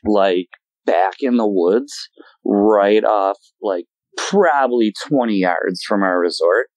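A man in his forties from Wisconsin, a guest telling his story in an animated, emotional way and acting out voices in sudden high bursts. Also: dry recording, rough recording. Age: 40s. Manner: emotional, voice shaking at times. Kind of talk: casual storytelling.

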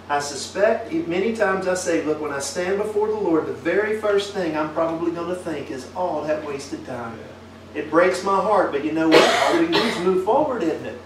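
Preacher guy, highish voice, keeps asking the church "isn't it?", mic kinda far off. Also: a little hiss or hum. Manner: asks the congregation many tag questions. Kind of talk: folksy sermon to a congregation. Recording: echoey room picked up from a distance.

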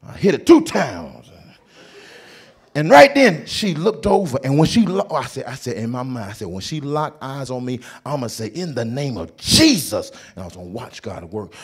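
A man's voice: a little high, breathy edge. A man telling a true story as a stand-up comedian at a church, acting out each voice in his story. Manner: animated, acts out every voice in his story. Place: church stage before a live audience.

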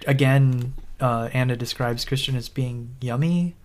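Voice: medium pitch, a little slow, darkish tone. A podcast co-host in a casual book-discussion chat, giving dry, wry critique with hesitant fillers.

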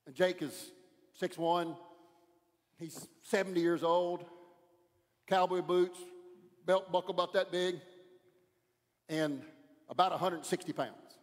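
A male pastor preaching a sermon in a church, pressing his points hard and often dropping his voice low. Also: steady tone, measured pace, pauses often, in a large hall. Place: church sanctuary.

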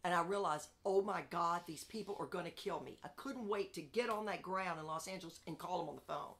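A woman recounts her story in a candid interview, her voice sitting a little low but bright and forceful. She is animated and emphatic, hammering phrases home, then sinking to hushed asides. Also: brisk. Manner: animated storyteller, swinging between loud outbursts and hushed asides; emphatic, repeats phrases for punch.

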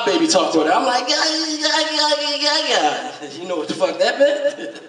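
Lively high-voiced man doing stand-up. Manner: animated and profane, often laughing mid-line. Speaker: stand-up comedian. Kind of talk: stand-up comedy set. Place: room at a recovery meeting. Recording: echoey room, distant mic, crowd laughter. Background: audience laughter.

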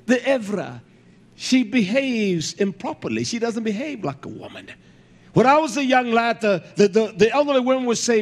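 A male preacher with a very high voice that swoops up and down, delivering a blunt, fiery sermon. He often shouts his points, swears freely and fills gaps with "uh" and repeated words. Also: sing-song, normal speed.

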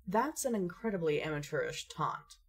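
A woman's voice: fairly low pitch, big pitch swings, normal speed, breathy edge, exaggerated voice. A woman playing an aloof, witty young woman gamer who talks in dry, elaborate phrases. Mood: arch. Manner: arch, dry, elaborate wordplay.

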